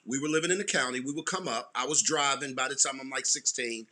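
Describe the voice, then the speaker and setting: A middle-aged man with a Baltimore accent, co-hosting a casual show and telling stories in an animated way while repeating his words. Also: mid-range voice, quick pace. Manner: animated, repeats words, keeps the audience close. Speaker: podcast co-host. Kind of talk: casual storytelling chat.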